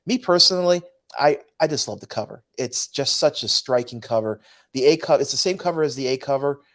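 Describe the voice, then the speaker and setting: A man co-hosting a casual podcast about comic books, talking in an easygoing, hesitant way with frequent pauses and restarts. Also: mid-range voice. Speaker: podcast co-host.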